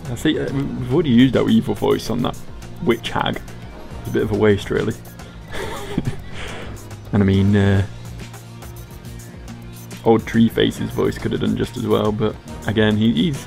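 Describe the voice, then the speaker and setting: Uomo ironico con voce roca. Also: male voice, on the low side, creaky, a little mellow. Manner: wry, self-deprecating asides. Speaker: let's play host. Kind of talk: casual game commentary.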